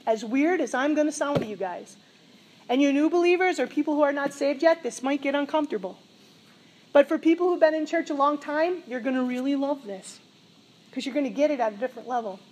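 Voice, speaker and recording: A middle-aged woman delivers a sermon in a high, bright voice. She tells her story with animated energy and breaks into laughter along the way. Her delivery feels like an excited testimony shared with a congregation. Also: fairly quick. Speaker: preacher.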